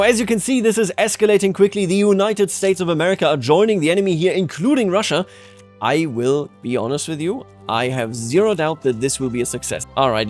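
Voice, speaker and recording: A man's voice: a little high, no echo. Brief: man from Bavaria, slightly raised voice, wry strategy-game commentary, faint music underneath. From Bavaria, Germany. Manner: playful, sarcastic asides with frequent chuckles. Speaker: strategy game video creator. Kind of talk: gameplay commentary.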